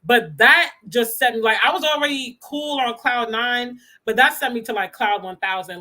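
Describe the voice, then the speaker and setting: A young woman, chatting casually to her channel about faith, animated and quick to laugh. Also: on the high side. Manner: animated, laughs often, talks with youthful slang. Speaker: faith vlogger. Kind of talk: casual chat to camera.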